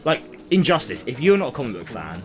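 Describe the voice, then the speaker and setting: A man's voice: mid-range voice, quick pace. Young man telling a comic story. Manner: animated storytelling, acts out characters' lines. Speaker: podcast co-host. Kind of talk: casual podcast chat. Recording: music playing behind.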